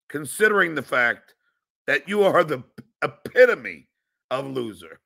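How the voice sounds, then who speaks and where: A middle-aged man hosting a podcast, profane and combative as he rants about a rival. His voice is gravelly and bright, and his pitch swings widely. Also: sing-song, unhurried, long pauses. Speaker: podcast host. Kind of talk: casual podcast chat.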